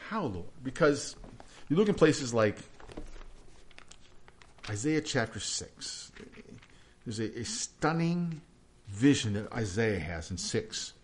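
Earnest male pastor preaching a sermon. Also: on the high side. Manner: earnest, swings from loud emphasis to hushed prayer.

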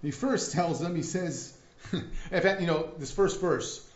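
A man preaching a sermon in a lively, conversational way, often checking in with "right?". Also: a little high, unhurried. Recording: echoey room, dull lo-fi sound.

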